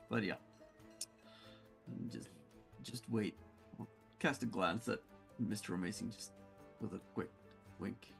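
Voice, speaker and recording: A gravelly man describing his character's actions at a tabletop game, speaking at a very slow, drawn-out pace. He laughs between lines, and faint music plays behind him. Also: fairly low pitch. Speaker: player.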